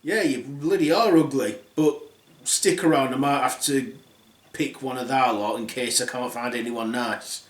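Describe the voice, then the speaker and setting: A man's voice: medium pitch, normal speed, pitched below the performer's own voice, natural voice. A man voicing a lecherous, crude young prince, in an echoey room. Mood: leering. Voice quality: blunt, crude.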